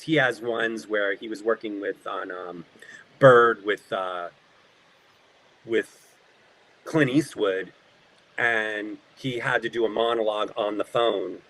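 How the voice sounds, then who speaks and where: A man, an actor as an interview guest, telling animated behind-the-scenes stories and acting out the people in them. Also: on the low side, poor audio. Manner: animated anecdotes, acting out quoted voices. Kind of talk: casual storytelling.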